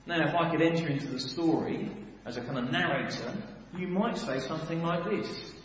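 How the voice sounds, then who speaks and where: A man preaching a sermon, animated, full of rhetorical questions and sudden swings between loud and hushed. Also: a little high, brisk, hardly any pauses. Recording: echoey hall, dull sound.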